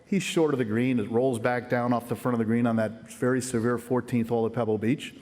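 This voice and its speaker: A man's voice: mid-range voice, fairly even intonation, fairly quick, darkish tone. A middle-aged man giving an earnest, folksy acceptance speech as a hall of fame inductee, telling anecdotes at a lectern microphone. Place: large ceremony hall. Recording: long reverb of a big hall.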